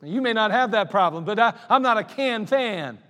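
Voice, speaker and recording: High-voiced preacher in a reverberant church. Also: male voice, expressive, a little fast. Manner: folksy storytelling, swings from loud to quiet. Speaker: pastor. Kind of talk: sermon. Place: church sanctuary. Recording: long hall reverb in a church.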